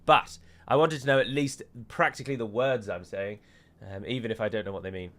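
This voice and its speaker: A man's voice: fairly low pitch, steady tone, a little fast, fairly bright tone. A British man giving chatty live commentary as he plays a strategy game, breaking into mock-heroic pronouncements. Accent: British English. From United Kingdom.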